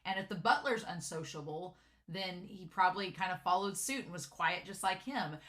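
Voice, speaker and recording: Chatty woman gushing over an episode, bright voice, lots of "like". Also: fairly low pitch, moderate pace. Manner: chatty, giggly, lots of "like" and filler. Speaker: anime reviewer. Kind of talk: casual episode recap and reaction.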